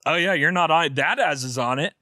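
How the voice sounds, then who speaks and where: A man's voice: fairly high pitch, bright, forceful tone, dry recording, clean studio sound. A man co-hosting a casual podcast, chiming in with jokes and laughter. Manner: jokey, laughs often, quick quips. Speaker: podcast co-host. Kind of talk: casual chat.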